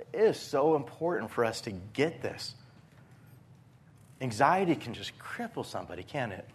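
A man preaching a sermon as a pastor, telling stories with lively, animated delivery and acting out his own panic. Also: mid-range voice, breathy edge.

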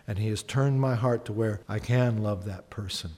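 A man's voice: on the low side, normal speed, darkish tone. A man preaching a sermon as a pastor, talking conversationally, asking the congregation questions and acting out honest prayers. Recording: long hall reverb.

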